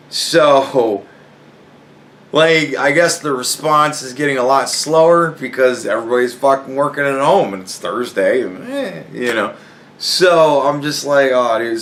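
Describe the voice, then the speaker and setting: A man's voice: medium pitch, slight background noise. A man casually telling a funny story from work, swearing often and breaking into laughter as he goes. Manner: profane, animated, laughing a lot while telling. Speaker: podcast host.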